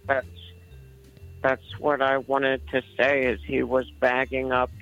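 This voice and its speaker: A man voicing a young boy caller scared for his father, talking in a slow, halting, tearful way. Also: medium pitch, monotone, a bit bright, highs cut off, faint music behind. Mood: earnest.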